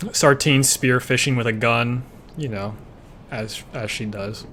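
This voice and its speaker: A man's voice: mid-range voice, a little slow, pushed and bright, a little hiss or hum. Man narrating as game master.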